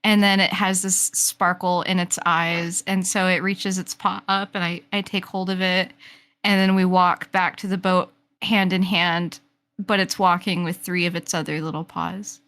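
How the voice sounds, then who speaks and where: A woman's voice: lowish voice, little pitch movement, normal speed, fairly bright tone. A woman player telling an improvised, overdramatic story in a tabletop game, with long chains of "and then". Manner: playful, dramatic, run-on storytelling.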